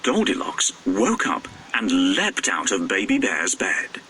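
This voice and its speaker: A man narrating a children's storybook in an expressive, sing-song way. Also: deep voice, slow pace, very noisy.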